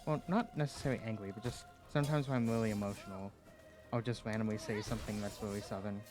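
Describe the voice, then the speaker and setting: A man's voice: fairly low pitch, fairly even intonation, quick pace, over music. A man from the Appalachian United States chatting casually while streaming a game, rambling and hesitant, with lots of fillers and small laughs.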